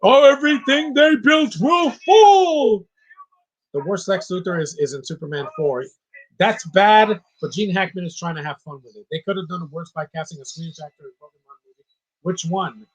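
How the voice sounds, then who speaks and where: Opinionated man with a husky voice. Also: a little high, brisk, low-quality recording. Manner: opinionated, ranting. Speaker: film commentator. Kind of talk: casual live movie commentary.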